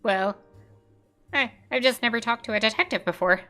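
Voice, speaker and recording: A shy, jittery character hurries through its words, played by a woman reading a game aloud. The voice sits higher and brighter than her own. Faint music plays behind. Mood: nervous. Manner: nervous, rushed, self-conscious. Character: shy, nervous, eager-to-please character.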